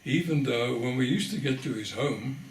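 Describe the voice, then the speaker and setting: An older man from the Netherlands giving an oral history testimony, telling his story in a measured way and pausing for weight. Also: medium pitch, echoey room, a little hiss or hum. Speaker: interviewee.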